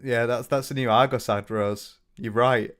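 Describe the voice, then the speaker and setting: A man's voice: medium pitch, fairly even intonation, moderate pace, fairly bright tone, smooth. A British man reacting to a video in a mocking, sarcastic commentary full of swearing. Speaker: commentary streamer.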